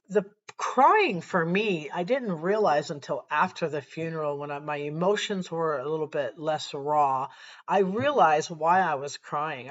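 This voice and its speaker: A woman sharing a personal faith testimony to camera, earnest and reflective, often pausing and restarting her sentences. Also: lowish voice, muffled recording.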